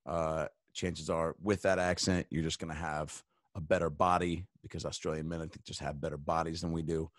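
A comedian on a podcast speaks a little fast in a rumbling low voice with flat delivery. His laid-back riffs ramble, with frequent cursing and fillers. The studio sound is clean and free of echo.

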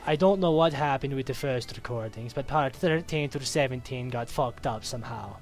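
A man's voice: mid-range voice, moderate pace, faint music behind. A young man doing casual let's play commentary, swearing and joking, now and then putting on mock accents.

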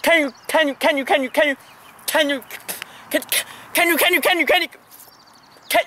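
A young man hosting his own channel, ranting in a comic, stammering, repetitive way with shouted bursts, filmed outdoors on a camera held by a friend. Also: very high voice, moderate pace, long pauses, a little hiss or hum. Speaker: channel host.

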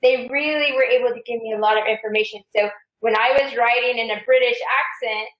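A woman's voice: on the high side, fairly even intonation, fast talker, roomy sound, lo-fi sound. A woman author being interviewed remotely, explaining her work at length in an earnest way.

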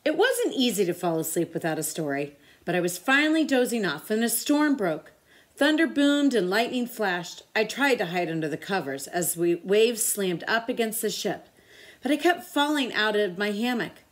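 A woman tutor reading a children's picture book aloud with expressive storytelling. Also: mid-range voice, normal speed.

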